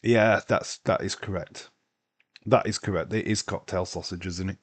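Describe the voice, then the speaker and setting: A man's voice: sits low, steady tone, normal speed. A man hosting a casual live watch-along stream, chatting loosely, answering viewers' comments and swearing now and then. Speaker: livestream host.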